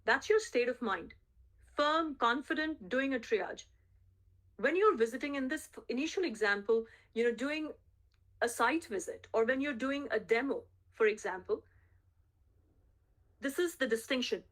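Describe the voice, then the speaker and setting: A woman's voice: fairly high pitch, lively intonation, moderate pace, pauses often, a bit bright. A woman coaching a sales team on a group call. She speaks emphatically, repeats her key phrases and keeps checking in with the team.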